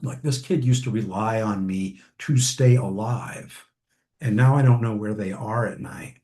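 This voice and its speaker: Man, therapy trainer, mellow low voice, conversational lecture, lots of ums. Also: measured pace. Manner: conversational, many ums and restarts.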